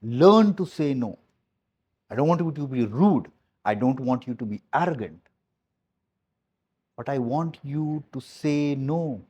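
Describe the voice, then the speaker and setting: A man's voice: mid-range voice, animated, a little slow, pauses often, darkish tone, husky. Blunt, emphatic man giving a team talk. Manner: emphatic, repeats key phrases, blunt with mild swearing. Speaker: business coach addressing his team.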